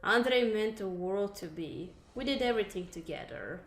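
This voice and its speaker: A woman's voice: mid-range voice, expressive, moderate pace, echoey room, close to an everyday voice. A woman voicing a heartbroken, jilted lover in a game, mournful and wistful.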